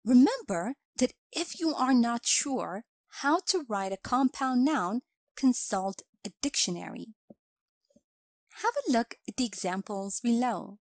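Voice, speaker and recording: Slow, lively-voiced woman teaching grammar. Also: fairly high pitch, no echo. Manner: slow, clear instructional delivery. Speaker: English teacher. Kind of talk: scripted grammar lesson narration.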